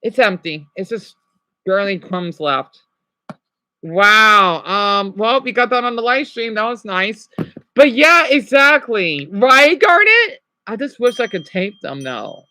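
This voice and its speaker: A man's voice: sits high, expressive, bright, forceful tone, no echo. A young man ranting on a live stream. He rambles, swears often and keeps apologizing. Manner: rambling, profane, quick to apologize.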